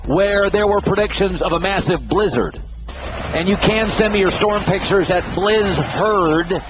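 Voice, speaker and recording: A man's voice: sits high, rough recording. A man hosting a radio talk show in a casual monologue, blunt and opinionated, lecturing his listeners. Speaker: radio host.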